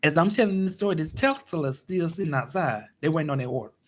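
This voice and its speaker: Male vlogger, casual storyteller, exasperated and lively. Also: fast. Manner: animated, exasperated retelling with big pitch swings.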